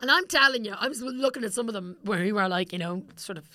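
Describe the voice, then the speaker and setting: A woman's voice: mid-range voice, quick pace, pushed and bright, dry recording, studio quality. A woman in her twenties with an Irish accent, co-hosting a casual chat podcast, swearing and laughing as she talks. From Ireland. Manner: chatty, swears, laughs often. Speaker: podcast co-host.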